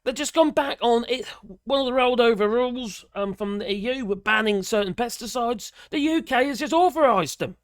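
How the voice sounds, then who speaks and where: A woman's voice: a little high, fairly quick, no echo, studio quality. A woman, middle-aged, ranting sarcastically and indignantly as she comments on a news article, with bursts of mild swearing. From Britain. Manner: animated rant, voice jumps up when outraged.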